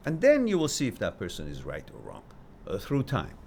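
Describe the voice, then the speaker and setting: Animated male live stream host. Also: on the low side, fairly quick, gravelly, slight background noise. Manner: animated storyteller, swinging between loud emphasis and quiet asides. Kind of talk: casual talk to a live stream audience.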